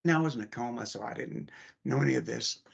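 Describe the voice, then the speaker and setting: A man who survived an aortic dissection tells his story in a casual, halting way, pausing often to search for words. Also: medium pitch, vocal fry, husky, lo-fi sound.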